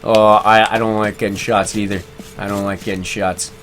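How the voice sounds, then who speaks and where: A man's voice: lowish voice, little pitch movement, normal speed, fairly bright tone, faint music behind. A man streaming a game live, chatting casually, reading viewer comments aloud and laughing easily. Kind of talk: casual live-stream chat while gaming.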